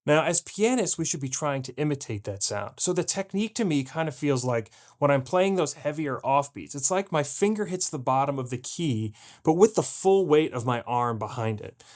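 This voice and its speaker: A man's voice: mid-range voice, animated, moderate pace, hardly any pauses, darkish tone. A man teaching a jazz piano lesson, explaining patiently and scatting rhythms aloud to show them. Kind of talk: video lesson.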